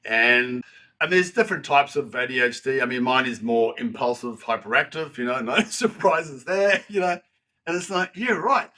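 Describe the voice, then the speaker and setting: A man's voice: mid-range voice, normal speed. A man in his sixties, a podcast guest telling his story frankly and with animation, swearing freely and poking fun at himself. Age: 60s. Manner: frank, animated, swears freely, frequent self-deprecating asides. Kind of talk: candid conversational storytelling.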